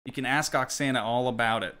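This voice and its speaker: An American man in his young adult years rambles through his gameplay in a loose, thinking-aloud way, talking to his viewers as he goes. His voice sits at an average pitch with a bright edge. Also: fairly even intonation, fast talker, clean tone. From United States. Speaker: gaming streamer. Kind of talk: casual live gameplay chat.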